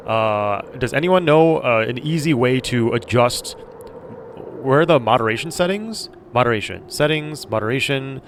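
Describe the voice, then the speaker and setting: A man's voice: medium pitch, animated, normal speed, slight background noise. A man streaming a game, chatting casually with viewers and laughing mid-sentence. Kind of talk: casual live-stream chat.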